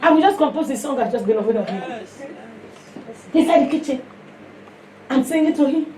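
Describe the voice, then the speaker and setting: High-pitched Nigerian woman preacher, passionate and emphatic, heard in an echoey hall from a distance. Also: lively intonation, brisk. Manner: passionate, emphatic, swings from loud to hushed. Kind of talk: sermon.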